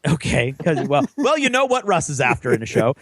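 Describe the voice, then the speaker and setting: A man's voice: fairly high pitch, very animated, a little fast, fairly bright tone. A man co-hosting a podcast, telling a long story in casual chat with rambling enthusiasm. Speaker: podcast co-host.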